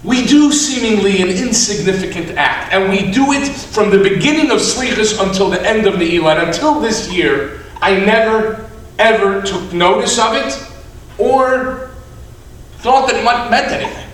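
Rabbi giving a sermon, a man with a high, lively voice, picked up from a distant mic. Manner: animated, drawn-out emphatic phrasing. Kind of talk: sermon with storytelling. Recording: echoey hall, mic at a distance.

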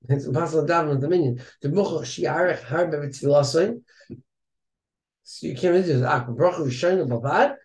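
A man's voice: on the high side, lively intonation, fairly quick, darkish tone. Man teaching a study class, echoey room. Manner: chants Hebrew passages in Ashkenazi pronunciation, then explains them in English. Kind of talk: casual study-class explanation.

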